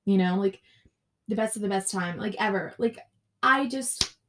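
A woman's voice: medium pitch, moderate pace, a bit bright, a little hiss or hum. A young woman hosting her own podcast, chatting casually and ranting with frequent swearing and "like" fillers. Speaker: podcast host. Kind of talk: casual solo podcast chat.

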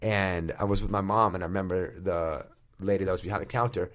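A man's voice: low-pitched, a little fast. A man with a Boston accent, a radio host, telling stories in a casual podcast chat and swearing freely. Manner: animated storyteller, swears casually.

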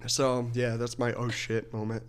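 A man's voice: flat delivery, moderate pace, a little hiss or hum. A man casually telling a story on a podcast, swearing and laughing along the way. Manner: laid-back, swearing, laughs through his story; quotes himself in a squeaky voice. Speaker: podcast co-host.

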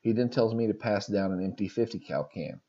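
Low mellow man reading stories. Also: animated, fairly quick, husky, lo-fi sound. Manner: amused, laughs and reacts between stories. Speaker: podcast host reading listener stories. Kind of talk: reading stories aloud with reactions.

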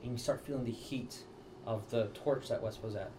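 A man's voice: mid-range voice, fairly even intonation, noisy background. A man narrating as dungeon master, often stopping and restarting his sentences. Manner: halting, full of restarts. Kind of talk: narrating a tabletop game.

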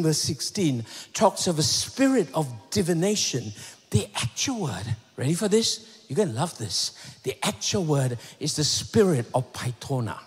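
A man preaching a sermon to a church with impassioned energy, swinging between shouted peaks and sudden hushed asides. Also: fairly high pitch, husky. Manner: impassioned, shouting builds and sudden drops to a hush. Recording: echoey hall reverb.

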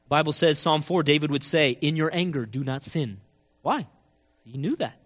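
High-voiced animated male preacher. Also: moderate pace. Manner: animated storytelling, acts out quotes with big swings in pitch and loudness. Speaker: pastor. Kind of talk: sermon.

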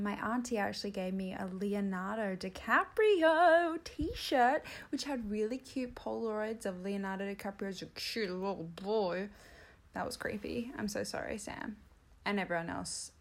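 A woman's voice: medium pitch, normal speed. An Australian woman hosting a comedy podcast on her own, rambling playfully and mocking herself. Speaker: podcast host. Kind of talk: solo comedy podcast chat.

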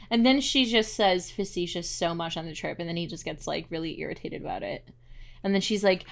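A woman's voice: lowish voice, a little fast, creaky. A woman co-hosting a podcast, recapping an episode in casual chat with a rambling manner and lots of filler words. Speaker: podcast co-host.

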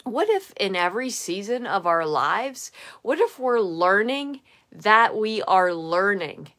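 A young adult woman giving an earnest, emphatic devotional reflection that speeds up and slows down. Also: medium pitch, big pitch swings, a bit bright. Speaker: devotional podcaster.

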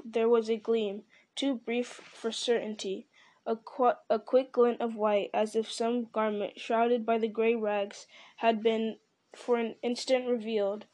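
A woman reading a fantasy novel aloud with even, deliberate storytelling. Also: on the high side. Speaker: reader.

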